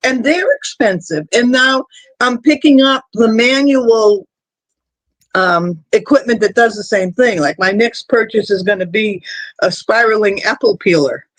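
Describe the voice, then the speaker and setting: High-voiced man telling rambling stories. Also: unhurried, fairly bright tone, no echo. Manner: rambling anecdotal storytelling. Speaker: stream host. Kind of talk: casual chat on a live stream.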